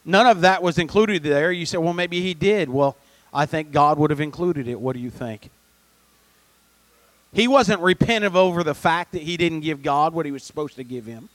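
A man preaching a sermon, moving between soft conversational asides and loud emphatic peaks. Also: a little high, lively intonation, moderate pace, no room sound. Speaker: pastor.

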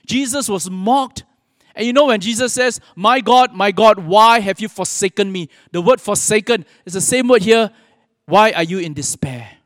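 A man with a high voice preaches an earnest sermon, stopping now and then to quote scripture. His words ring out with a long reverb, as in a big hall. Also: normal speed, fairly bright tone, studio quality. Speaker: pastor.

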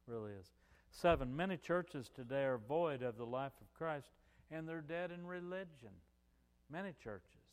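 An older man preaching a sermon, rising loud on key phrases and dropping to softer asides. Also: medium pitch, in a large hall.

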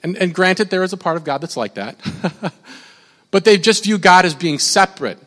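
A young man with a high voice preaches a casual sermon in an animated, rambling way, often restarting and interrupting himself. His voice rings out with a long reverb, as if he is in a large hall. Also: normal speed. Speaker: pastor.

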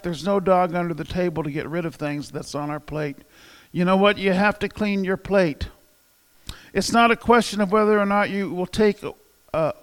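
Male pastor, high voice, conversational sermon, asks the room questions, echoing hall. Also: clean tone. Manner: conversational, polls the congregation. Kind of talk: sermon with humor and audience interaction.

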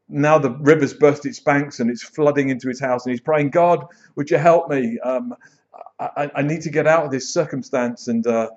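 A man preaching a sermon in church, telling stories with lively acted-out quotes. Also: a little high. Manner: animated storyteller, acts out quoted voices. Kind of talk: sermon with storytelling. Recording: dull lo-fi sound.

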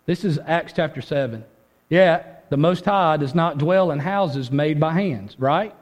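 A man preaching a sermon as pastor, urgent and conversational, dropping low then rising with force. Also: a little slow, big-room sound. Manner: urgent, conversational preaching with dramatic drops and rises.

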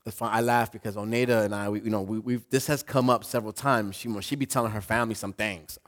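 A man preaching a sermon as pastor, talking in a conversational, animated way with playful asides. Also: fairly low pitch, quick pace.

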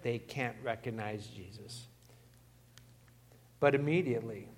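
A man's voice: medium pitch, big-room sound. A man preaching a sermon, emphatic and putting questions to the congregation. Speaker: pastor.

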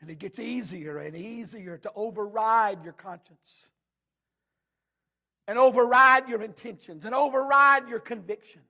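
Pastor, male, very high gravelly voice; preaches with shouted peaks and hushed drops. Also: measured pace. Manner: swings from shouted emphasis to hushed low tones. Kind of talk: sermon.

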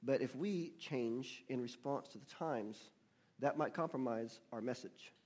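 A man preaching a sermon to his congregation, reading scripture slowly and with emphasis and asking the room for responses. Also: medium pitch, darkish tone. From United States. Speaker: pastor. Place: church.

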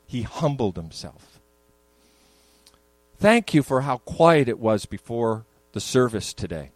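A man's voice: mid-range voice, no room sound, poor audio. An older man, a pastor, preaching a sermon in a church, moving between conversational asides and emphatic peaks. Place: church sanctuary.

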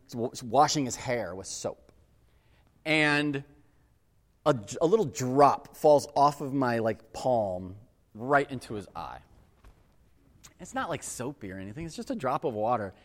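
A man's voice: mid-range voice, measured pace. Earnest preacher man in a reverberant hall. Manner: earnest, animated storyteller who addresses the crowd as guys. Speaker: pastor. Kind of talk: sermon with personal storytelling. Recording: long reverb of a large hall.

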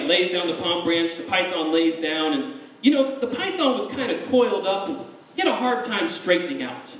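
A man telling a folk tale in a lively, chatty way with asides to listeners, recorded in an echoey room from a distance. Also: high voice, normal speed. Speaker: storyteller.

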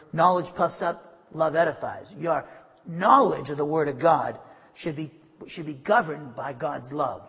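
Emphatic preaching man, husky voice. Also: a little high, a bit bright, in a large hall. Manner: emphatic preaching with asides and restarts. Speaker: pastor. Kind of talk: sermon.

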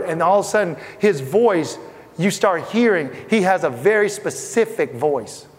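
A middle-aged man from Asia preaches in a high voice, talking with the congregation as if in conversation. His words ring out with a long reverb from a church hall. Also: lively intonation, moderate pace. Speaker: pastor. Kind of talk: sermon.

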